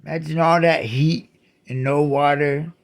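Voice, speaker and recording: Male host, angry solo rant, higher register, gravelly; restarts words, bursts into shouts. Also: steady tone, a little slow. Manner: indignant, repeats and restarts words, shouts accusations. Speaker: channel host. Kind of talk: ranting monologue.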